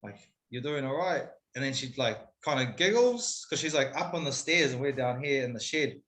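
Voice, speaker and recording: A man tells his story openly and casually, cursing freely as he goes. His voice is bright and tense at the edges. The recording carries a noticeable room echo. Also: mid-range voice, brisk. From New Zealand. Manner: candid, swears freely, animated retelling. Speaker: guest, MMA fighter. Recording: roomy echo.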